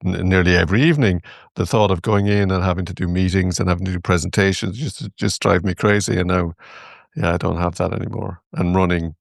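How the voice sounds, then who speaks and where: A man hosting a podcast, talking casually with halting restarts and repeated words. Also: deep voice, fairly even intonation, gravelly, dry recording, studio quality. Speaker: podcast host. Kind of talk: casual interview chat.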